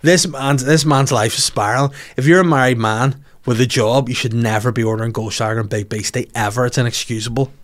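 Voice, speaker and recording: Man, Northern Irish accent, 30s, comedian, podcast host, comic storytelling, animated, swearing. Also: medium pitch, a little fast, hardly any pauses. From Northern Ireland. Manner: animated, swearing, acts out voices in quotes.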